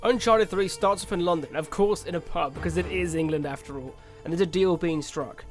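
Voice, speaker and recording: A man narrating a video game review with excitable, animated reactions. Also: fairly high pitch, brisk, over music.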